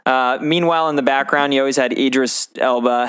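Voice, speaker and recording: Casting: male podcast co-host with a smooth, clear voice, eager and chatty. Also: mid-range voice, fairly even intonation, a bit bright. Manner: enthusiastic, quick to agree and laugh. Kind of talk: casual movie review chat.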